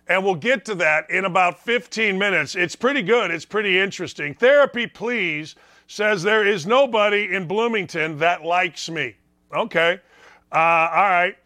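A middle-aged man hosting a sports talk show, energetic and quick to laugh. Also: sits high.

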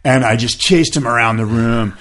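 In a casual storytelling chat, this fiftysomething podcast host loosely relates a long anecdote, imitating the voices of the people involved. His delivery is animated, at a normal pace and mid-range male pitch, thick with fillers such as "like" and "you know."

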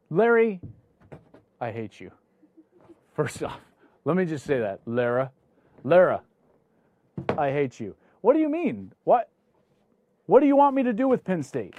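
A man's voice: high-pitched, dark tone, highs cut off. A man hosting a sports talk show, ranting with mock indignation at viewer comments and bantering with his guest.

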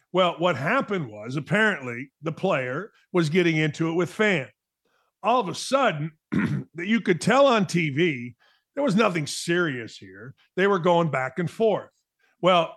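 A man's voice: fairly high pitch, fairly bright tone. A middle-aged man hosting a sports talk show, delivering a blunt, emphatic monologue with a mocking edge.

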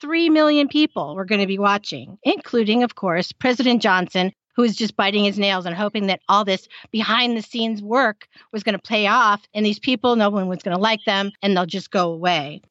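A woman co-hosting a history podcast, telling the story in a lively way and acting out the people in it. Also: mid-range voice, normal speed, hardly any pauses, no echo. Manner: lively, dramatizing with quoted voices. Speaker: podcast co-host. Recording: slightly dull, dry sound.

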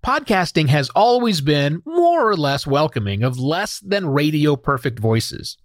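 Lively man hosting a podcast. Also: on the high side, measured pace, no echo, studio quality. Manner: animated, conversational, occasional laughs and self-corrections. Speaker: podcast host. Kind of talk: solo podcast commentary.

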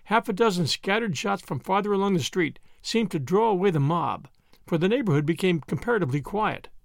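A man narrating an adventure novel in an expressive, dramatic reading style. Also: high voice, a little fast, creaky, no room sound, studio quality. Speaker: audiobook narrator. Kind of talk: scripted narration.

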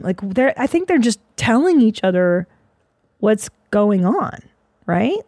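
Woman host, 40s, gravelly and dry, swears freely in a rambling solo monologue. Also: mid-range voice, expressive, normal speed, a little mellow, no room sound. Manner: profane, rambling, self-mocking. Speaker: podcast host.

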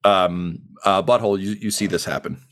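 A game master narrating a tabletop session in a relaxed, meandering way. His voice is on the low side, and he leans on fillers as he describes the scene. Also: normal speed. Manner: casual, filler-heavy narration.

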